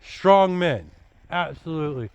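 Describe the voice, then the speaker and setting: Blunt, rambling dad giving advice. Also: male voice, fairly high pitch, expressive, unhurried, darkish tone, clean tone, muffled recording. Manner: loose and repetitive, with "like", "you know" and "dude"; blunt and preachy. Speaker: father giving his son dating advice. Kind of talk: casual rambling vlog talk.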